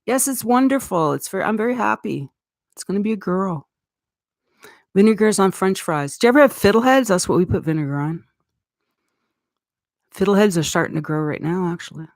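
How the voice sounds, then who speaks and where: A woman's voice: on the low side, animated, moderate pace, long pauses, dry recording, clean studio sound. A middle-aged woman from Eastern Canada with a Canadian accent, chatting casually on a live stream in a rambling way and laughing often. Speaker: livestream host.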